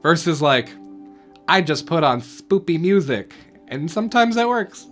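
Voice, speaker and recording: A man's voice: on the high side, sing-song, unhurried, fairly bright tone, soft background music. A man co-hosting a casual chat as a dungeon master, easygoing and laughing often.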